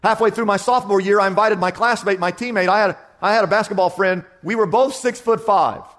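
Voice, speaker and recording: A man from Kansas, a pastor, preaching a sermon with vivid storytelling that sinks to a hushed tone at key moments. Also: high voice, brisk.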